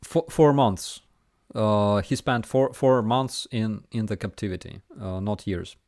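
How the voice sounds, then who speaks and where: A man with a Ukrainian accent hosting a casual live Q&A and reading chat messages aloud, with a relaxed, hesitant manner and many fillers. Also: lowish voice, a little slow, dry recording, studio quality. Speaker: livestream host answering chat.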